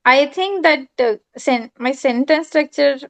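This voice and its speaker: A woman with an Indian accent, an English learner, speaking hesitantly and politely with many pauses. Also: high-pitched. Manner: hesitant, many "uh" fillers, polite "yes, ma'am". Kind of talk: casual conversation.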